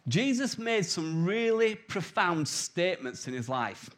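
High-voiced preacher in his forties. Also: very animated, a little slow, fairly bright tone. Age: 40s. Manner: jokey, anecdotal, conversational. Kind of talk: sermon.

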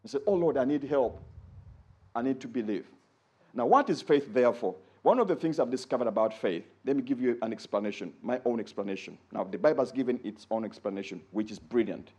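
A male preacher delivers a sermon with a lively, swooping delivery. His voice carries a husky edge. He jumps up high when he acts out quoted speech, then sinks low and quiet for asides. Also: fast, few pauses, highs cut off. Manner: animated preaching, rising to high exclaims when quoting and dropping low for asides.

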